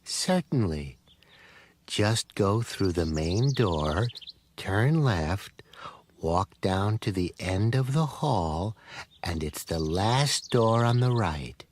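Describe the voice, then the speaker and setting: An actor playing a polite old gardener who gives directions slowly and softly. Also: male voice, on the low side, animated, a little hiss or hum. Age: older.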